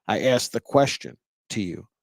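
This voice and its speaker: A middle-aged man co-hosting a casual hockey podcast, opinionated and measured as he lays out predictions. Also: mid-range voice, animated, no echo. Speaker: podcast co-host.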